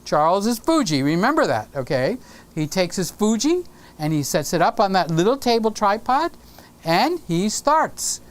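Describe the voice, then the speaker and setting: A man's voice: sits high, very animated, normal speed. A man hosting a casual live stream from his home studio, playfully teasing viewers and greeting them by name.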